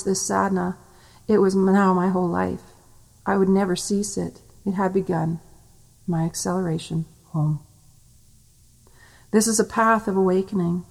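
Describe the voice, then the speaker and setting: A woman intones a channeled meditation in slow, rhythmic lines with archaic turns of phrase. Her voice is husky and breathy with a gravelly fry at the ends of phrases. She keeps the delivery soft and intimate, sinking lower and quieter as she goes. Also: low-quality recording. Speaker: spiritual teacher.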